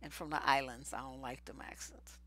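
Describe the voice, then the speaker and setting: A woman's voice: extremely low pitch, steady tone, a little fast, a bit bright, dry recording. A woman giving blunt, slangy relationship advice in a casual live stream. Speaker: relationship coach.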